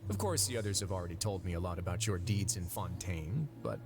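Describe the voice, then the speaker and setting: A calm video game duke speaks in a lowish, measured voice. His manner is courteous, and game music plays behind him. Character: composed male duke running a fortress.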